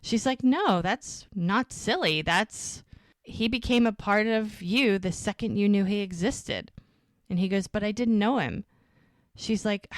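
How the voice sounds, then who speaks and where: A podcast co-host with a low-ish voice casually recaps an episode, acting out the characters' lines as she goes. The recording is dry, with clean studio sound.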